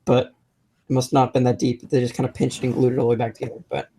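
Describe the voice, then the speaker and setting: A man's voice: medium pitch, flat delivery, fast, dark tone, breathy edge. A young adult man co-hosting a maker podcast, telling rambling stories in casual chat with many restarts. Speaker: podcast co-host.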